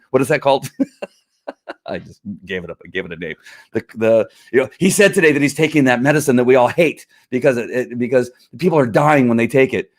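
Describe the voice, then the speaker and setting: A man's voice: mid-range voice, expressive, a little fast. Fired-up man hosting a livestream. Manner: fired-up, talks back to critics, many restarts. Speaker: livestream host. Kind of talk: casual opinion livestream.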